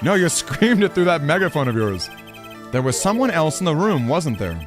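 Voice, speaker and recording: A man doing a low, dry young lawyer. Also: normal speed, over music. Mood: probing. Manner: low, flat and insistent questioning. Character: young male defense attorney, probing and dry.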